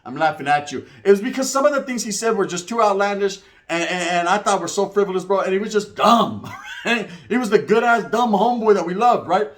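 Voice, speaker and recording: A man telling prison stories in a casual, animated, slang-heavy way. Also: sits high. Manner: slangy, animated, rapid-fire. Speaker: storyteller recounting prison life. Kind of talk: casual storytelling.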